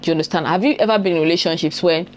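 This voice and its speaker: A woman's voice: on the low side, racing, a little hiss or hum. A young woman with a Nigerian accent talks straight to camera in a casual advice vlog, stressing her points by repeating them and checking in with her viewers. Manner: emphatic, repeats key phrases, checks in with the audience. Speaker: vlogger.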